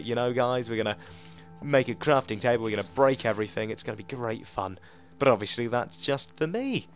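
A young man giving rambling, chatty let's play commentary to his viewers, often jumping into excited outbursts. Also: mid-range voice. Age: young adult. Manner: chatty and rambling, talking to viewers while playing. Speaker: gaming channel host.

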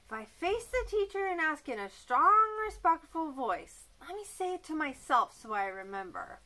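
A woman's voice: high-pitched, very animated, moderate pace, bright, forceful tone, full character voice. A woman voicing a shy young girl who is scared to ask her teacher for help in a children's lesson. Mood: polite. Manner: timid and worried, then politely asking.

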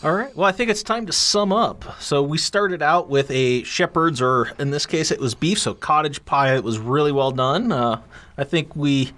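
A man's voice: a little high, normal speed, fairly bright tone. A man co-hosting a podcast, easygoing and agreeable as he rates food and sums up. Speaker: podcast co-host. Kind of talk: casual food-tasting chat.

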